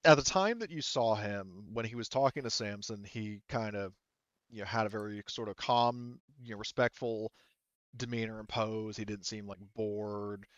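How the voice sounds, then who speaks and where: A man's voice: on the low side, normal speed, a bit bright, dry recording, highs cut off. A man narrating a tabletop game as game master, rambling and hesitant with many fillers.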